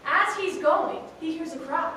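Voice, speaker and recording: A woman's voice: very high-pitched, measured pace, bright, forceful tone, a little hiss or hum. A woman telling a comic animal story on a theatre stage, playful, with chatty asides. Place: theatre stage, live performance. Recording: roomy hall, voice from far off.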